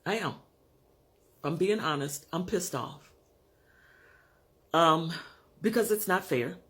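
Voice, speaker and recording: A man in his fifties or sixties speaking frankly to his camera at home in a personal vlog, measured and pausing to find his words. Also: a little high, expressive, a bit bright. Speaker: vlogger. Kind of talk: candid personal vlog monologue.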